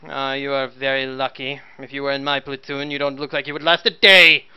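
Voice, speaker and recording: A man voicing a harsh, shouting male Commissar who barks bullying orders. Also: medium pitch, little pitch movement, a little fast, smooth, lightly acted. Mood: scornful. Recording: dull lo-fi voice chat.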